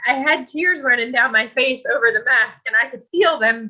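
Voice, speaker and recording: A woman's voice: fairly high pitch, normal speed, hardly any pauses, sharp tone, slightly rough, highs cut off. A woman guest telling a personal story in a chatty, earnest way that often breaks into laughter.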